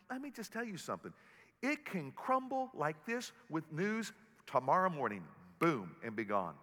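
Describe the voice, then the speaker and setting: A pastor preaches with a bright, forceful voice that sits high for a man. He tells stories with humor, and his words ring out through a large auditorium with a long reverb. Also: normal speed. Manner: animated storytelling preacher with humor. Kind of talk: sermon.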